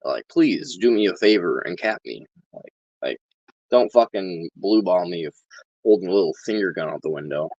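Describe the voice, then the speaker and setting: A man talking casually to camera in a sarcastic, deadpan way, with plenty of swearing. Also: low-pitched, moderate pace, no echo, muffled recording. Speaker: vlogger.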